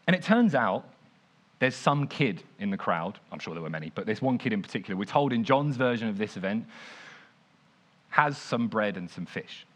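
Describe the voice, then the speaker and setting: Young preacher, chatty and lively, swings from hushed to bright. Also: male voice, lowish voice, moderate pace. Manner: animated, conversational, frequent "like". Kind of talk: informal sermon storytelling.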